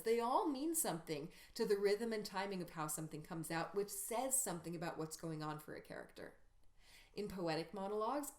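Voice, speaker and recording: Woman teaching acting in an echoey room. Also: medium pitch. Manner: clear, explanatory teaching with demonstrated line readings. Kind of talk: recorded workshop lesson.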